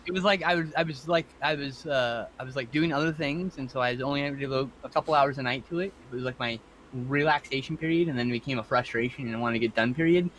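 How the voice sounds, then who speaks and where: A man hosting a podcast in casual chat, swearing freely and talking quickly about his hobbies. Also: mid-range voice, fairly bright tone, slight background noise, poor audio. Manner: fast, swears a lot. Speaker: podcast host. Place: home room.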